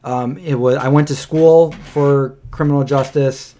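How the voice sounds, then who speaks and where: A man's voice: medium pitch, steady tone, a little slow, mellow. A man in his thirties co-hosting a casual livestream podcast, rambling through a personal story and acting out what people said. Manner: rambling storyteller, acts out quotes. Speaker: podcast co-host.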